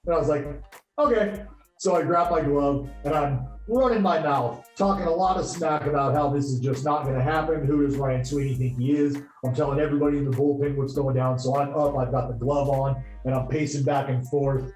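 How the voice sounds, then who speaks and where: A man in his thirties, a former pitcher, telling lively anecdotes in a casual interview and acting out the quotes. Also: a little fast, hardly any pauses. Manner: animated, spins anecdotes with voiced quotes. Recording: echoey room with faint music.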